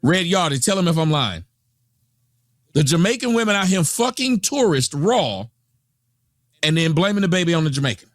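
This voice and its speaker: High, animated American man ranting. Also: normal speed, long pauses, no room sound, studio quality. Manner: profane, scornful, repetitive. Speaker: reaction channel host. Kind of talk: ranting reaction commentary.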